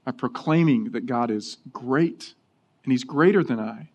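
A middle-aged man preaching a sermon, telling personal stories in a lively way. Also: medium pitch, unhurried, lo-fi sound. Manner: storytelling, animated, acting out quoted voices. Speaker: pastor.

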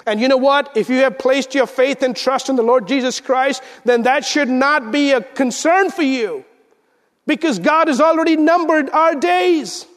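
High-voiced preacher in a reverberant church. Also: male voice, moderate pace. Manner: dynamic, swings between loud emphasis and hushed intensity. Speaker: pastor. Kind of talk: sermon. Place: church sanctuary. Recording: church sanctuary with long reverb.

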